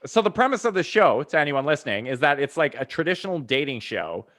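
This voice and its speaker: A man's voice: a little high, very animated, fast talker, a bit bright. A man co-hosting a podcast in loose, profane banter who laughs often and switches topics easily. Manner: swears a lot, laughs often. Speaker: podcast co-host.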